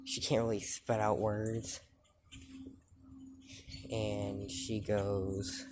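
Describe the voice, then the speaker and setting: A man casually retelling his own fan story, rambling and halting with many fillers and restarts. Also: lowish voice, flat delivery, background noise.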